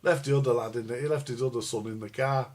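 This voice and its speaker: A man's voice: mid-range voice, steady tone, quick pace. Crude jokey older man. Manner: crude, jokey, addresses viewers as guys. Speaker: record collector vlogger. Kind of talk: rambling live-stream chat.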